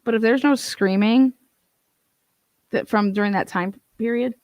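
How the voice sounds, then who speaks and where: A young adult woman giving casual true crime commentary, blunt and profane, telling stories with animated asides. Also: fairly high pitch, a little slow, dry recording.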